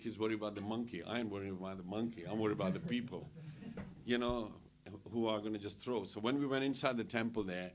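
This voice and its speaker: At a temple gathering, a man with a fairly low voice tells funny travel stories with slight background noise. He's animated, laughs often and acts out what people said in this casual storytelling talk.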